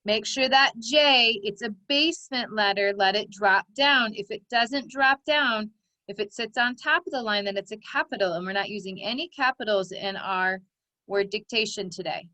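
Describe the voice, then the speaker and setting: A woman's voice: medium pitch, moderate pace, sharp tone, dry recording. A woman teaching phonics, patiently dictating words and stretching out their sounds for young children. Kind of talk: slow, clear teaching dictation.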